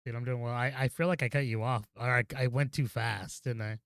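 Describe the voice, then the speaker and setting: Young male co-host, clean smooth tone, chill and easygoing chatter. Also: mid-range voice, fairly even intonation, fairly quick, a bit bright, no room sound, studio quality. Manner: laid-back, says "dude" a lot. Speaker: podcast co-host. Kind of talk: casual gaming podcast chat.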